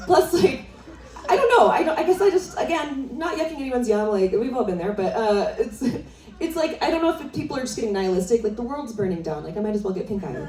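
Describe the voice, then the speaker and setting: A woman's voice: on the high side, lively intonation, a little fast. A young adult woman performing a stand-up comedy set on a live club stage, teasing the crowd in a conversational way. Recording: roomy, distant venue sound with crowd laughter.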